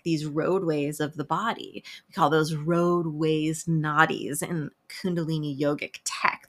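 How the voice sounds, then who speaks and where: A woman's voice: low voice, pushed and bright. A woman who works as an emotional health specialist, talking casually about breathwork with lots of swearing, jokes and laughter. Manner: profane, playful, laughs often. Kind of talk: casual spoken talk.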